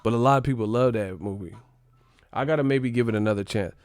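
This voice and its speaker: A man chatting casually on a livestream, animated and profane, laughing often. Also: mid-range voice, fast, clean tone, dry recording, clean studio sound.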